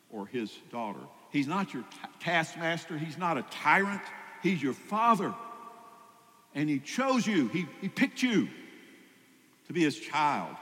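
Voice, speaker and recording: A man's voice: medium pitch, a bit bright. A man preaching a sermon as pastor, conversational, with rising emphatic peaks. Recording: long hall reverb.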